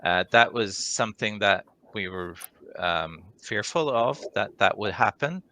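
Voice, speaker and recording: A man answering conference questions over a video call, measured and hesitant, with many ums and restarts. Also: lowish voice, animated, bright, forceful tone. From Sweden. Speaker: conference speaker, orthopedic clinical leader. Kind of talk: live Q&A answers.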